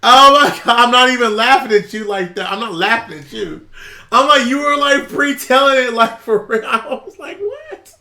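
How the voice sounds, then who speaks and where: Man, Southern US accent, animated storyteller, high pitched, echoey room. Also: normal speed, gravelly. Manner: animated, acts out quotes and laughs often. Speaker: channel host. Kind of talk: casual storytelling chat.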